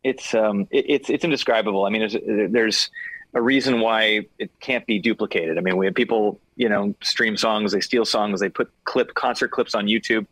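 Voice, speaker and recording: A man's voice: lowish voice, fairly even intonation, moderate pace, fairly bright tone, breathy edge, no echo, low-quality recording. Chatty man on a dry video call. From Los Angeles. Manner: chatty, many fillers and restarts. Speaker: guest singer and actor. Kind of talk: casual interview over video call.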